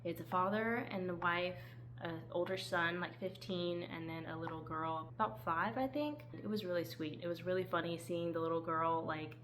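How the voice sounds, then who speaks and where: A woman's voice: on the low side, normal speed, few pauses, fairly bright tone, a little hiss or hum, low-quality recording. A woman chatting casually as she reviews the books she read, often laughing and acting out lines with sudden lifts in her voice. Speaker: book reviewer. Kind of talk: casual book review chat.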